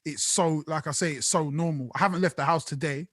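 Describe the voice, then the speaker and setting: Casting note: male podcast co-host, a bit higher pitch, dry close sound, wry self-mocking delivery. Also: brisk, fairly bright tone, no echo. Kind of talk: casual chat.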